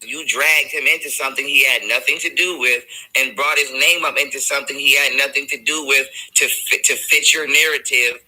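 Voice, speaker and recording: A man's voice: medium pitch, steady tone, brisk, few pauses, bright, forceful tone, slightly rough, poor audio. A man in a played video clip, defending himself in an argument and recounting text messages. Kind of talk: heated self-defense.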